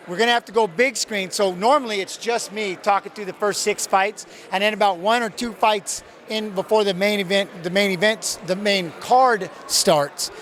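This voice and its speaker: A middle-aged man telling an emotional story as an interview guest, acting out his own quotes, outdoors. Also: sits high. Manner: animated, acts out his own quotes, swears. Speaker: interview guest, retired fighter.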